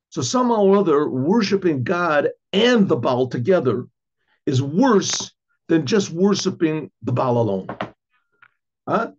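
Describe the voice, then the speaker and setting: A middle-aged man, a rabbi, teaching an informal class in a conversational way, restarting phrases, asking rhetorical questions and often clearing his throat. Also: on the high side, darkish tone. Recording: dull lo-fi recording.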